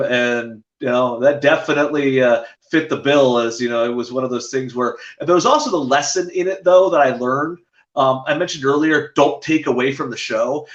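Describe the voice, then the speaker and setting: A ring announcer spins casual stories as a guest. His voice sits in an ordinary male range and comes through a muffled, lo-fi remote line. The room around him rings with a roomy echo. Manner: animated anecdotes, jumps to a higher pitch when quoting people. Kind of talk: casual storytelling interview. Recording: echoey, dull lo-fi remote audio.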